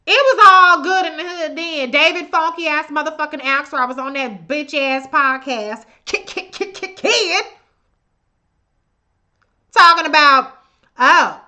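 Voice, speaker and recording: Woman, high voice, bright and sharp, profane live-stream rant, contemptuous. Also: a little slow. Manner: greets chat viewers by name. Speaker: livestream host. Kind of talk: live political commentary.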